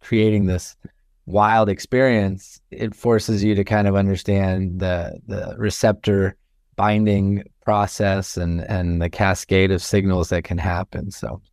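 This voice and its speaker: Low, smooth-voiced man explaining calmly. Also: no echo, clean studio sound. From Florida. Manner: thoughtful, measured, many fillers. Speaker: guest, chemistry professor. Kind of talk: casual interview talk.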